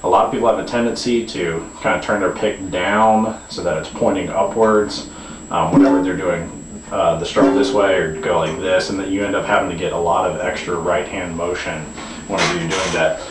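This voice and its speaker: Deep-voiced man teaching from across a room. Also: fairly quick, noisy background. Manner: relaxed explaining with frequent fillers and restarts. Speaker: guitar teacher. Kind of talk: demonstration lesson. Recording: echoey room, camera mic from a distance.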